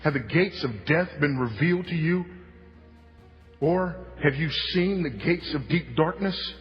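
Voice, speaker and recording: A man preaches at an unhurried, weighty pace, repeating his points for emphasis and swinging from hushed to loud. His voice sits a little high for a man. The recording is muffled and lo-fi, with a long reverb trailing off the sanctuary walls and faint music beneath. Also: expressive. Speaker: pastor. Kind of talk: sermon. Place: church sanctuary.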